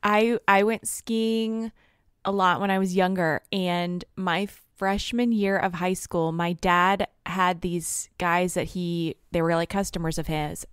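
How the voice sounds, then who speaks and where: A woman's voice: fairly low pitch, smooth, no room sound, studio quality. A woman co-hosting a podcast, telling a rambling story in casual chat and laughing often. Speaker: podcast co-host.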